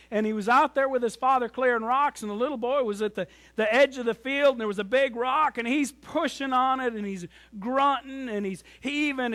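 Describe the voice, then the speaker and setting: High-voiced preacher with sharp swings. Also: male voice. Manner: storytelling preacher, rises loud then drops to near whisper. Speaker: pastor. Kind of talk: sermon. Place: church sanctuary.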